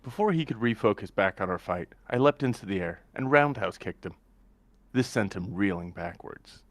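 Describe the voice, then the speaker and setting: A man's voice: on the low side, animated, moderate pace, no echo. A man narrating fight scenes in first person as a player in a tabletop story game. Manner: dramatic action narration. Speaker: player narrating his character.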